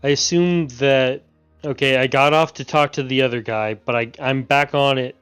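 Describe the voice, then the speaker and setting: A man's voice: medium pitch, fairly even intonation, normal speed, a bit bright, smooth, no echo, faint music behind. A man playing a tabletop role-playing game, casually explaining his character's choices and thinking aloud as he talks. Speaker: player.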